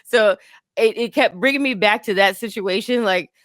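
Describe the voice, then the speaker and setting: A woman guest on a casual chat show speaks in a mid-pitched voice with a dry, close sound. She talks calmly and reflectively, tying the story back to her own experience. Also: moderate pace, no room sound. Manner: calm and reflective, relates things to her own life. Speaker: podcast guest. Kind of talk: casual pop-culture chat.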